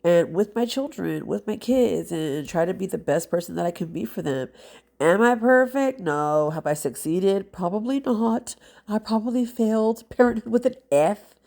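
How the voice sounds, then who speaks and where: A woman's voice: medium pitch, expressive, moderate pace, creaky, darkish tone. A woman, a mother, talking casually and heartfelt to camera as a nail vlogger, rambling with many fillers and sounding congested. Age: adult with children.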